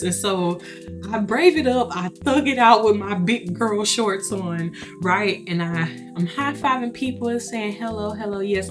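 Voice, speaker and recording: A young adult woman vlogger chatting to her viewers, laughing often and acting out what others said. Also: fairly high pitch. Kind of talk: casual storytelling to viewers.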